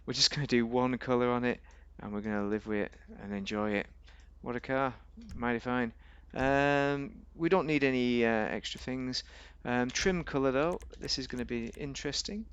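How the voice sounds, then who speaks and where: A man's voice: normal speed, few pauses, fairly bright tone, smooth, muffled recording. A man giving casual, rambling, jokey commentary while playing a game, often talking to himself. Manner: rambling, chatty, jokey, talks to himself, sudden pitch jumps. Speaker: gaming video host.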